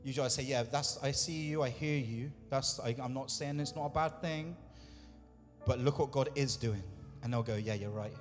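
A man's voice: medium pitch, normal speed, in a large hall, faint music behind. A man pastor preaching a sermon in a church, talking conversationally, acting out quoted voices and putting questions to the congregation. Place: church hall.

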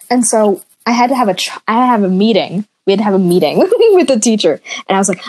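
Young woman, podcast co-host, giggly animated storyteller, casual chat. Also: medium pitch, fast.

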